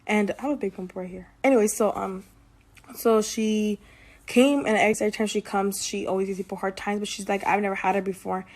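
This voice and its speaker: A young woman telling a personal story in a casual vlog, rambling and filling every pause with "like.". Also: medium pitch, steady tone. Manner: rambling, heavy use of "like". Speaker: vlogger.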